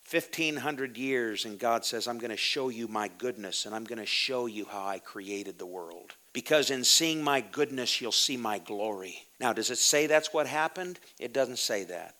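A man preaching a sermon, reading scripture slowly and breaking into loud, emphatic bursts before dropping to a low hush. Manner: shouting bursts and sudden drops to a low hush.

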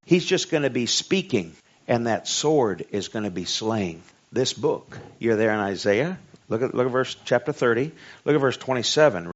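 A man with a Southern US accent preaching a sermon. He reads scripture slowly and emphatically, then jokes in a casual way. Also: mid-range voice, expressive. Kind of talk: sermon Bible study. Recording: dull lo-fi recording.

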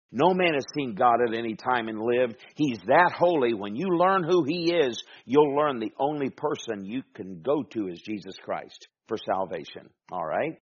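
A man's voice: mid-range voice, slightly rough, dull audio. A man preaching an expository sermon, reading scripture aloud and explaining it with emphatic, rising delivery.

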